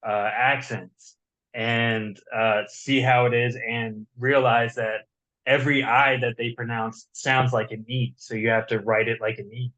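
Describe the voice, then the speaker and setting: A man's voice: medium pitch, flat delivery, a little slow, a bit bright, rough recording. A man with a slight Southern accent, chatting as a guest author in a rambling, enthusiastic way and often repeating words. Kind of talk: casual chat.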